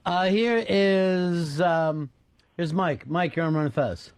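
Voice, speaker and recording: A man's voice: on the high side, slow, clean tone, dry recording. A man hosting a radio talk show, chatting casually with his co-host and callers in a wry, joking and profane way. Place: radio studio. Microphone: studio microphone.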